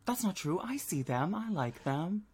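A woman's voice: on the low side, big pitch swings, moderate pace, darkish tone, breathy edge. A woman co-hosting a podcast, gushing and giggling in casual chat. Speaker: podcast co-host.

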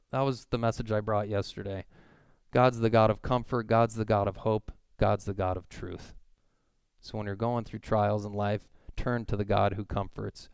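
A man's voice: medium pitch, clean tone, no echo. A man preaching a sermon as a pastor, earnest, and he lifts his voice to stress key words.

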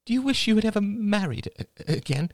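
A man's voice: high voice, very animated, fairly quick, creaky, no echo, pitched above the performer's own voice, full character voice. A man doing a wry, probing woman. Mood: incredulous. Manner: dry, probing, teasing. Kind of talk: audiobook character voice.

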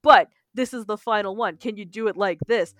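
A woman voicing a brash male yakuza tough guy who taunts and mocks loudly while she retells a game scene. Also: medium pitch, fairly quick, dry recording, lightly acted. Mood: taunting. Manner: taunting, loud and mocking.

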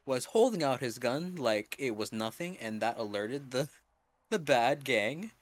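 A young man co-hosting a podcast, telling a story in a rambling, halting way full of fillers. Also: medium pitch, animated, no echo. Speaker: podcast co-host. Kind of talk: casual storytelling.

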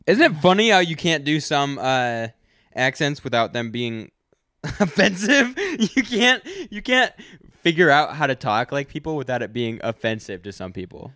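A man's voice: mid-range voice, very animated, moderate pace, pushed and bright, no room sound, clean studio sound. A young man co-hosting a podcast, telling stories in a laid-back, rambling casual chat. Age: young adult. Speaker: podcast co-host.

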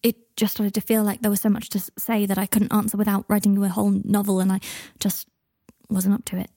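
A woman voicing a withdrawn, earnest young male wizard who speaks quietly and hesitantly. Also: mid-range voice, expressive, fast talker, slightly rough, no room sound, clean studio sound.

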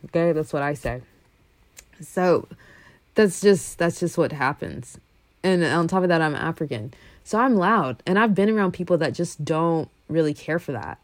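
A young woman from a Congolese family, talking casually and animatedly, swinging from loud bursts to low asides. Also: lively intonation, moderate pace, no echo. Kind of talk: casual monologue.

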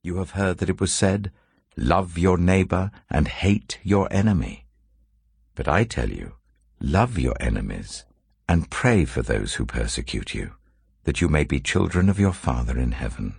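A man slowly and solemnly reading scripture aloud, with a very deep, gravelly, husky voice. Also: dry recording, studio quality. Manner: slow, measured, expressive reading. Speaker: scripture reader.

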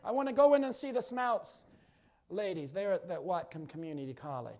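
High-voiced man preaching fervently. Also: expressive, fairly quick. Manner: fervent, swings from loud exclamations to quiet chatty asides. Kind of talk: sermon.

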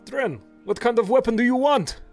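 A man playing a tabletop game, playful and excitable as he speaks in character. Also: very high voice, normal speed, faint music behind. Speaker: player.

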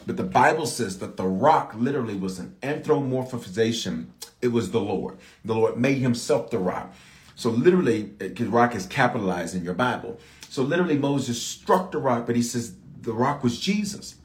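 A male pastor delivers a sermon in a relaxed, conversational way, slipping into personal stories. His voice leaps upward in pitch for emphasis. The sound carries the echo of a roomy church hall. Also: moderate pace. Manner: conversational storytelling with rising shouts of emphasis.

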